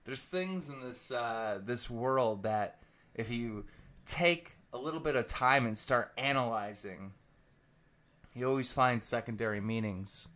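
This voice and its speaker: Bright-voiced man telling a profane story. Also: medium pitch, unhurried. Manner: rambling, profane, animated. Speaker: commentator.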